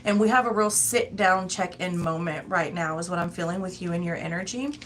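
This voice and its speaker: A woman's voice: fairly low pitch, a little fast, heavy background noise. A woman giving a tarot reading in a casual, chatty, rambling way, often breaking into laughs. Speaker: tarot reader.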